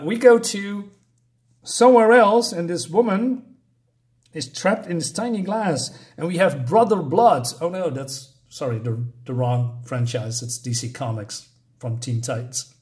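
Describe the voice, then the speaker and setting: A man's voice: fairly high pitch, animated, unhurried. A man giving a mocking, sarcastic review of a comic book.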